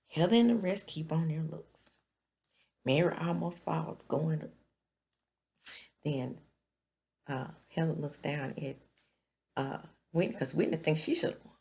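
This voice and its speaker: Brief: woman host, relaxed slow pace, gossipy recap with whispered asides. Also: low-pitched, gravelly. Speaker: reality TV recapper. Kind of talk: casual recap commentary.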